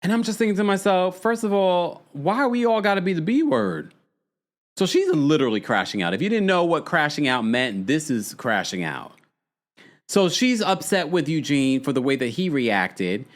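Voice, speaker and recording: A man hosts a casual podcast recap, talking in a chatty, animated way with frequent laughs and dramatic asides. His voice sits a little high for a man and swoops widely up and down as he tells the story. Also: normal speed. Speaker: podcast host recapping a reality show.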